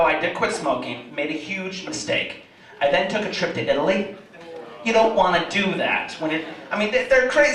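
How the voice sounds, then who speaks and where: Young guy doing stand-up, high lively voice, echoey club, crowd laughing. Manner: animated, storytelling. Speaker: stand-up comic. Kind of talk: stand-up comedy set. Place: comedy club in front of a live audience. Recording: echoey club, mic from a distance, audience laughing.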